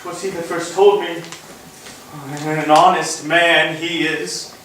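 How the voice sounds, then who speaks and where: A man's voice: fairly high pitch, level tone, takes it slowly, fairly bright tone. A man playing a tormented jealous general. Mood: scornful. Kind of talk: stage Shakespeare acting. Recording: roomy hall, distant mic, faint noise.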